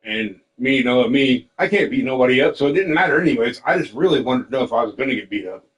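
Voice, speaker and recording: A man's voice: medium pitch, lively intonation, fast, rough recording. A man telling stories in casual chat, swearing often and quoting family. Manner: emotional storytelling, swears, quotes others; eating while talking. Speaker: podcast host.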